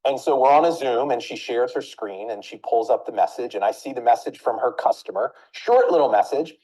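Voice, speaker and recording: A woman business coach runs a training session in a mellow, warm voice. She tells a story with energy and keeps turning to her listeners with direct questions. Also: extremely low pitch, fairly quick, low-quality recording. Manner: animated, addresses listeners directly with rhetorical questions.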